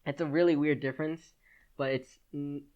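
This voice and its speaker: A man's voice: fairly high pitch, steady tone, normal speed, clean tone. Rambling teenage boy, lo-fi podcast. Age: teens. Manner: rambling, chatty, with many "like"s and restarts. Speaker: podcast host. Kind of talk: casual solo podcast chat.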